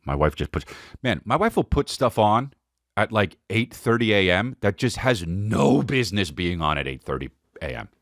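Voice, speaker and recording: A man hosting a podcast, telling a rambling, excitable comedic story with frequent swearing and asides. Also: lowish voice, moderate pace, dry recording, studio quality. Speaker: podcast host. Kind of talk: casual comedic monologue.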